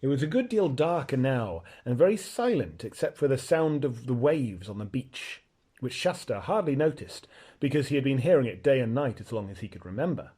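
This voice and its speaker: A man reading a children's novel aloud in an expressive, lively narration. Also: medium pitch, normal speed, breathy edge. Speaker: audiobook reader. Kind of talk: storybook narration.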